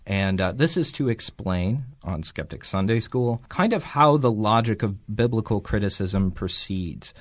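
Brief: male podcast host, low voice, measured and lecturing, dry close sound. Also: expressive, no room sound. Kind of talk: explanatory podcast discussion.

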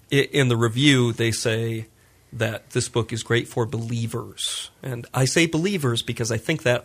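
Male podcast host, mid-pitched, wry and casual. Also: a bit bright. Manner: wry, quick quips. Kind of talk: casual discussion.

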